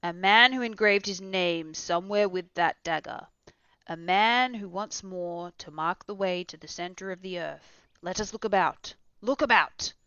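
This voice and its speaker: An excitable old professor holds forth in a loud, lecturing voice, put on by a woman reading the story. He is learned and commanding, and his speech is emphatic. The recording is muffled and dry. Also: on the low side, a little slow, clear, resonant tone, dry recording. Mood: excited lecturing.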